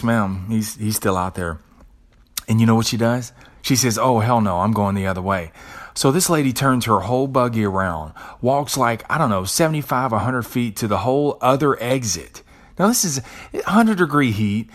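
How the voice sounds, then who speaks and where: A man hosting a podcast who talks in a casual, conversational way, swears freely and often repeats words as he tells a story. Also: mid-range voice. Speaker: podcast host. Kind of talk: casual monologue.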